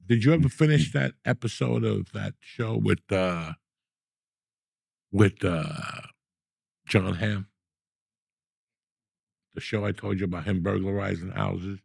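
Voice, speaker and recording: A middle-aged man tells his stories with a rough, gravelly rasp in a lowish register. He gets animated and profane as he talks. The sound is close and dry, with no room around it. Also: slow pace, long pauses, no room sound. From New Jersey. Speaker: podcast host. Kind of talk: storytelling in casual chat.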